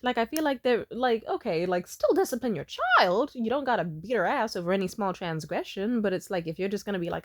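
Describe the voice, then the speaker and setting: A woman in her twenties telling a story in a blunt, profane, animated way, as a vlogger. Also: mid-range voice, normal speed, no echo, studio quality. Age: 20s. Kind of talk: casual storytime monologue.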